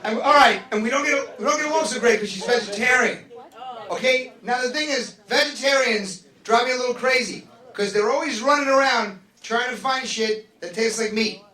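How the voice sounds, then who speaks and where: Stand-up comic, man, very high voice, lively act-outs; distant mic, roomy club. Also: normal speed. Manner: animated, acts out voices of others. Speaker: stand-up comedian. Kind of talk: stand-up comedy set. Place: comedy club stage. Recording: echoey club recorded from a distance. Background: audience laughing.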